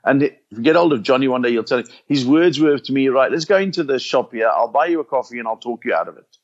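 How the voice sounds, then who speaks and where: An older South African man tells stories from his comedy career in an easygoing interview. He acts out the voices in his anecdotes with animated bursts. The sound is a little dull and lo-fi. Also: mid-range voice, quick pace. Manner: animated anecdotes, acting out quotes. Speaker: comedian guest. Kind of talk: storytelling interview chat.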